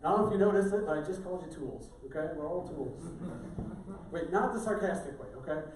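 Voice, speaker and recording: In an echoey church sanctuary, a middle-aged pastor talks fast and animatedly, his voice on the high side, mixing jokes into a casual sermon. Background noise is present, and the mic sits at a distance.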